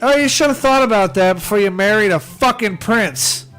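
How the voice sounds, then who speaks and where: A man's voice: high voice, normal speed, fairly bright tone, clear, resonant tone, soft background music. An American man streaming live, chatting casually in a rambling way, swearing constantly and laughing at his own jokes. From United States. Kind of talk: casual chat on a livestream.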